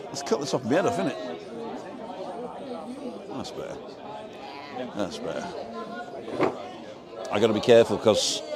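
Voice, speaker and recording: An older man hosting a casual live stream from an outdoor bar terrace, rambling and joking as he reads viewer comments. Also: fairly low pitch. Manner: chatty, rambling, jokey. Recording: outdoor crowd noise behind. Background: crowd chatter.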